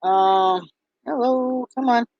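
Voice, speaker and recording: Woman vlogger, casual and halting, lots of ums; dry, muffled recording. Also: a little high, no room sound. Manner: halting, full of ums and restarts. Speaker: vlogger and bracelet seller. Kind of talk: casual chat to camera. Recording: dull lo-fi, dry sound.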